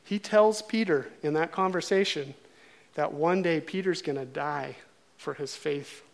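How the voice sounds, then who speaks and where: A man preaching a sermon, telling a story in a casual, animated way and acting out the characters' lines. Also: on the high side, unhurried, creaky.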